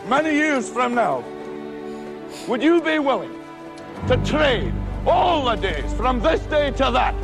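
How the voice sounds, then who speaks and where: A man's voice: very high voice, vocal fry, heavily acted. A man with a Scottish accent playing a defiant rebel leader, giving a rousing speech to an army in a film clip. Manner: rousing, building to shouts. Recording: film clip under orchestral score.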